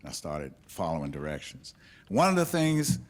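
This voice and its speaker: A man telling a personal story on stage in a candid, reflective way, with halting restarts. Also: rumbling low, huge pitch swings.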